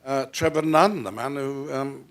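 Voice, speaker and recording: On a theatre stage before an audience, an older guest actor from Northwest England is interviewed, speaking Received Pronunciation with faint northern traces. His medium-pitched voice runs a little slow, and he's theatrical and playful, often restarting and swinging suddenly between quiet and loud.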